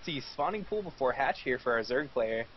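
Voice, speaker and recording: A man's voice: mid-range voice, expressive, a little fast. A man with a mid-range voice calls the action of a live esports match, chatty and always joking. The stream audio is dull and lo-fi, with faint noise in the background. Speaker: esports caster. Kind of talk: live play-by-play esports commentary.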